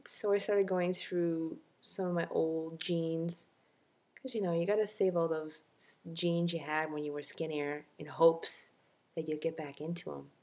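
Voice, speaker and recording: A woman's voice: low-pitched, gravelly, a little mellow. Chatty, self-mocking woman vlogger. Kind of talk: casual video diary.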